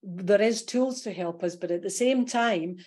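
A woman with a Scottish accent, a coach guesting on a podcast, explaining her ideas in a lively way and laughing often. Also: medium pitch, a little slow. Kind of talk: casual podcast interview.

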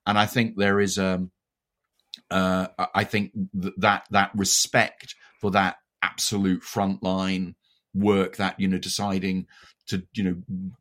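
A man's voice: low-pitched, level tone, a little slow, fairly bright tone. A man with an English RP accent in a conversational discussion, thoughtful and often searching for words.

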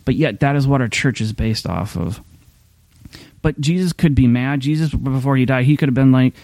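A man preaching in a loose, conversational way, circling back and restarting his sentences as he thinks aloud. His voice is mellow and unhurried in tone, with a dry, close recording. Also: mid-range voice, no echo. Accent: Upper Midwest American. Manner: rambling, conversational, many restarts and fillers. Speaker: pastor. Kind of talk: informal sermon.

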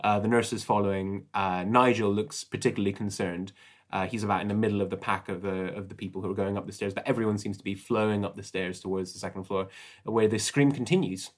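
A man narrating as game master of a tabletop role-playing game, relaxed and chatty with many fillers. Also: lowish voice, fast talker.

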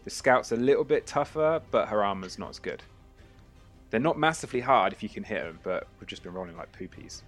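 A man's voice: fairly low pitch, animated, fairly quick, faint music behind. A man running a tabletop game as game master, narrating casually with frequent hesitations.

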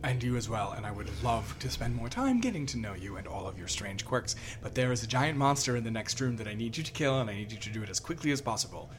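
A man's voice: medium pitch, lively intonation, fast, few pauses, slight background noise, voice pushed down, close to an everyday voice. A man voicing a tall, graceful woman with endless golden hair who is gracious and flustered. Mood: urgent.

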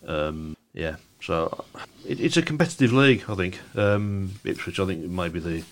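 A man co-hosting a podcast, chatting in a relaxed, thoughtful way with frequent pauses and ums. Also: deep voice. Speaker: podcast co-host. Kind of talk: casual chat about speedway.

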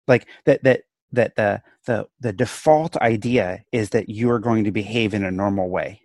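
A man's voice: medium pitch, no echo. A man talking as a law professor in a casual podcast discussion, chatty and playful, with many restarts.

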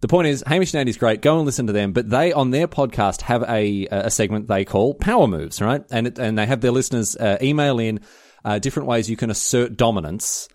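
A man's voice: medium pitch, a little mellow, no echo, studio quality. A young Australian man with a city accent, co-hosting a podcast in casual, self-mocking chat. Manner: chatty, self-mocking, quick with asides. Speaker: podcast co-host.

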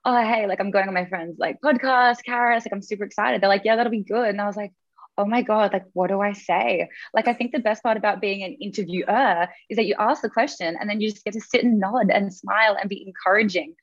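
A woman's voice: mid-range voice, fast talker, no room sound. A young Australian woman talks in a loose, chatty way, leaning on "like" between thoughts. Her voice comes over a remote call with a dry, slightly muffled sound. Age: 20s. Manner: chatty, filler-heavy, lots of "like". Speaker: radio host as guest. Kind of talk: casual interview chat. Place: home in the evening.

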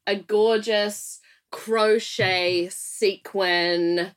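A woman's voice: medium pitch, steady tone, very slow, clean tone. A woman co-hosting a podcast, chatty and giggly, often trailing off mid-sentence. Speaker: podcast co-host. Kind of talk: casual chat and guest introduction.

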